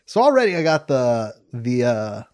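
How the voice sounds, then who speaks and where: A man's voice: mid-range voice, big pitch swings, normal speed, darkish tone. A young man co-hosting a podcast, telling a story in casual chat, laughing and mocking himself. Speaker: podcast co-host.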